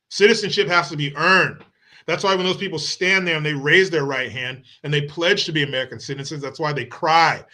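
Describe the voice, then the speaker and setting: A middle-aged man hosts his own show, delivering heated, profanity-laced political commentary. His voice is bright and forceful, sitting a little high for a man. He talks bluntly, in an angry tone throughout. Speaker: show host.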